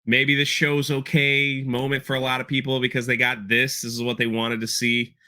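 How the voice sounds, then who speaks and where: A man with a mid-range, smooth voice that is pushed and bright speaks in a monotone at a moderate pace. As a podcast host dissecting an episode in casual chat, he rambles, repeats words and quotes lines emotionally.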